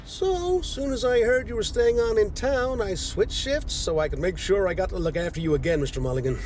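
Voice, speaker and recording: A man's voice: high-pitched, expressive, fairly quick, a little mellow, faint music behind. An actor playing a cheery, oblivious male driver who teases and chatters. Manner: cheery, teasing.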